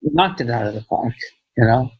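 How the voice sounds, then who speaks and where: A husky-voiced man speaks in a mid-range pitch as a director guest on a casual podcast interview. He rambles, circles back and repeats his phrases, and fills gaps with "you know." The sound is dry and close, with no room around it. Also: animated, normal speed, a little mellow, no echo, rough recording.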